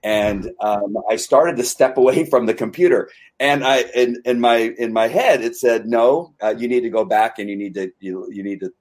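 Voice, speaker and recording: A man hosting a conversation, telling a personal faith story in an earnest, halting way with many restarts. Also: medium pitch, a little mellow. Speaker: podcast host. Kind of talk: personal testimony in casual conversation.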